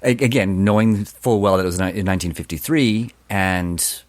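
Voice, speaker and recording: A man with a fairly low voice chats about movies on a podcast. He is eager and often stumbles into restarts. His voice is recorded close, dry and without any room sound. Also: normal speed, dry recording. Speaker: podcast co-host. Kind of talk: casual movie-discussion chat.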